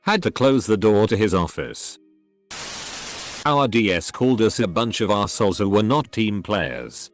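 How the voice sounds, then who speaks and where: A man's text-to-speech voice narrating online posts as scripted story readings, with odd phrasing and pauses. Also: lowish voice, animated. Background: faint background music.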